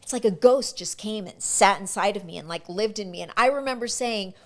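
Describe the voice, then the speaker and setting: A middle-aged actress telling stories in a casual interview, animated, restarting her sentences and acting out what people said. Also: mid-range voice, a little fast. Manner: animated, acts out quoted dialogue, frequent restarts. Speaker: guest actress.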